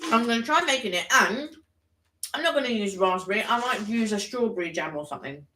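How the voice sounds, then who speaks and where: A woman co-hosting a home live stream, telling stories with a bright, sharp tone and a pitch that swings lively. She sits a little away from the mic, in a roomy, echoey space. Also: fast, recorded from a distance, a little hiss or hum. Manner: lively, animated storyteller. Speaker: vlog co-host. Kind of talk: casual live-stream chat.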